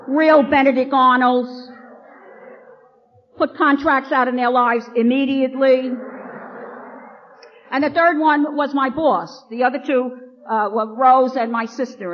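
A middle-aged nun telling her own recovery story to a meeting, acting out the lines of the people in it. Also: a little high. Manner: lively storyteller, acts out quoted lines. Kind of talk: personal recovery talk to an audience. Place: meeting hall, addressing an audience. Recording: dull lo-fi archival recording.

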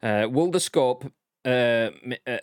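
A man's voice: mid-range voice, animated, normal speed, darkish tone, no room sound, studio quality. A young man co-hosting a live stream, reading out chat and bantering in a rambling, playful way.

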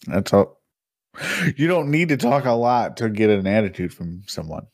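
Young male co-host, teasing, cuts in constantly, lively swings in pitch, dry sound. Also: normal speed, dry recording. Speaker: podcast co-host. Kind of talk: casual chat.

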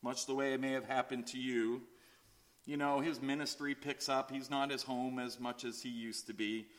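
A man preaching a sermon, telling a story and acting out the characters' lines. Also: moderate pace. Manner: storytelling with acted-out voices, animated swings in pitch. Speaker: pastor.

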